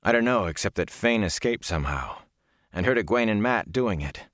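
A man's voice: on the low side, expressive, normal speed, fairly bright tone, no echo, clean studio sound, voice pushed up. A man voicing a rattled, earnest young man in an audiobook. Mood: shaken. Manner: earnest, rattled, urgent questions. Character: shaken young male villager hero. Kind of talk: audiobook character voice.

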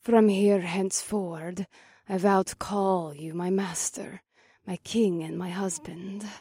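A man voicing a devoted, breathy blonde serpentine witch in an erotic audio story. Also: high-pitched, fairly even intonation, slow pace, dark tone, no room sound, studio quality, voice pushed up, exaggerated voice. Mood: adoring. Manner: adoring, submissive.

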